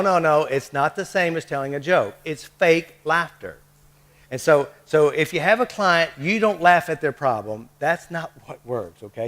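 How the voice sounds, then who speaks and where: A man's voice: mid-range voice, a bit bright. A man leading a live workshop, coaxing the group with short repeated prompts and checks. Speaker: workshop leader.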